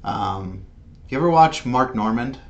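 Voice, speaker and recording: A man's voice: mid-range voice, expressive, unhurried, highs cut off. A man co-hosting a casual podcast chat, laid-back and dry, swearing casually. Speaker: podcast co-host.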